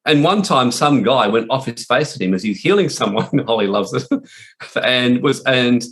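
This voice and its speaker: A man gives a loose, informal teaching with blunt wording and frequent swearing. He rambles and restarts his sentences as he goes. His voice sits at an average pitch for a man. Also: animated, moderate pace, a bit bright. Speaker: spiritual warfare teacher. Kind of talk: informal preaching talk.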